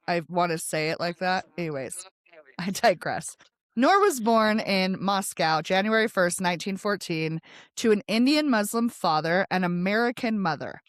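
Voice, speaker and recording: A woman's voice: mid-range voice, dry recording. A woman co-hosting a podcast, chatting casually and reading history notes aloud with digressions. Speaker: podcast co-host.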